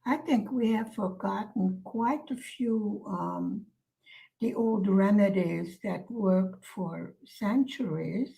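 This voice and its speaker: A woman vlogger chatting casually to her viewers, soft-spoken and musing, pausing often with fillers. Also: mid-range voice, vocal fry, low-quality recording. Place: lives in Hungary.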